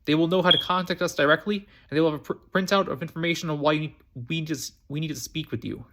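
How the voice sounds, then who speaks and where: A man's voice: on the high side, fairly even intonation, very fast, background noise, lightly acted. A man voicing a stern male international police agent with an urgent warning, read with restarts.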